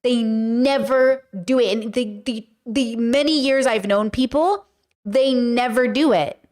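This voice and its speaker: A woman host giving casual commentary as she reacts to viewer comments, rambling and animated, with lots of fillers and playful mimicked voices. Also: fairly high pitch, measured pace. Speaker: YouTuber and podcast host.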